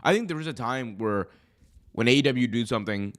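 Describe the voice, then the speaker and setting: A young man who is hoarse from being sick, hosting a live wrestling commentary stream in a chatty, rambling way that often corrects itself. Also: medium pitch, expressive, fairly quick. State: hoarse, recovering from illness. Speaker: wrestling show host.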